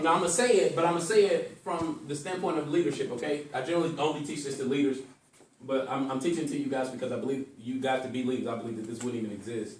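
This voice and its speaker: A man's voice: mid-range voice, recorded from a distance, slight background noise. Emphatic man teaching in an echoey room. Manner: emphatic, varies his voice for effect. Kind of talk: teaching a class on love. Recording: echoey room, speaker away from mic.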